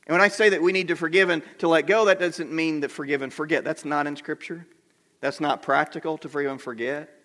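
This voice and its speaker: A man's voice: sits high, fairly bright tone. A middle-aged man preaching a sermon to his congregation in a conversational way, asking them questions as he goes. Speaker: pastor. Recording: long reverb of a large hall.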